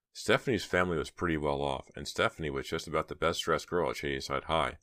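A man narrating an audiobook in a steady, measured reading. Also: extremely low pitch, no echo, studio quality. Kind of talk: scripted narration.

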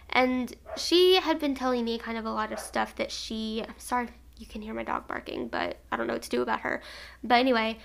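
A woman's voice: a little high, steady tone, a little fast, fairly bright tone. A woman in her twenties telling a personal story in a casual, rambling way, full of "like" and restarts. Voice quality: vocal fry. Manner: rambling, filler-heavy with frequent "like".

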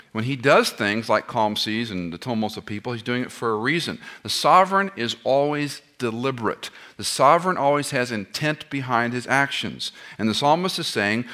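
Man preaching, bright forceful voice, average pitch, rhetorical questions, jokey asides. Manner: animated, asks the audience rhetorical questions; joking asides. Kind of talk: expository sermon.

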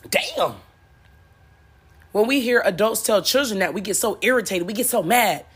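A woman's voice: mid-range voice, expressive, normal speed, breathy edge. A woman giving a blunt, profane motivational talk, repeating lines for emphasis and laughing at her own jokes. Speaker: spiritual motivational speaker. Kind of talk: preachy motivational monologue.

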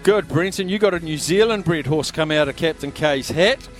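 Man, radio host, fairly high voice, chatty, slightly strained, faint music behind. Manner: quick, chatty, slightly strained from shouting over a pub. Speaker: radio host running a sweep draw. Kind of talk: live radio chat. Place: busy pub.

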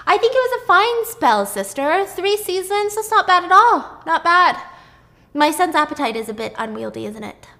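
A woman's voice: very high voice, sing-song, normal speed, pushed and bright, voice pushed up, full character voice. A woman voicing a scheming queen who talks down to everyone with taunting condescension. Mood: teasing.

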